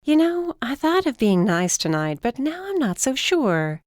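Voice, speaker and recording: A woman's voice: high voice, sing-song, unhurried, a little mellow, no room sound, studio quality, pitched above the performer's own voice. A woman voicing a tough, flippant young woman bounty hunter in an audiobook. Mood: wry. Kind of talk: audiobook character voice.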